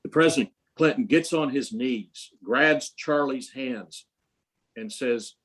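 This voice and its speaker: A man's voice: medium pitch, slow pace, a bit bright. An older man, an interview guest, telling long stories with many fillers and restarts. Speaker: interview guest, prize creator. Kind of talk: storytelling in an interview.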